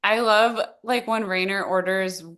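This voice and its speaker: A woman's voice: medium pitch, steady tone, fairly bright tone. A woman co-hosting a podcast, chatting casually and cutting in with playful jokes. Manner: playful, quick jokey interjections. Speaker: podcast co-host. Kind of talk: casual chat.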